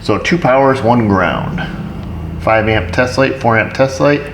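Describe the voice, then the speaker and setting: A man's voice: mid-range voice, a little slow, a bit bright, slight background noise. A man working as an auto repair technician, narrating casually while he diagnoses a truck and tossing dry, joking asides to viewers. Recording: roomy shop echo.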